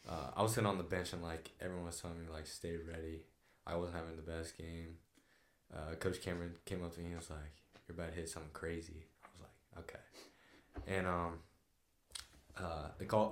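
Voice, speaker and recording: A young man with a very low voice tells a story in a loose, relaxed way, saying "like" often. He sounds like he is in an echoey room. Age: young adult. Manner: relaxed, says "like" a lot. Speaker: guest, college basketball player. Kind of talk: casual storytelling.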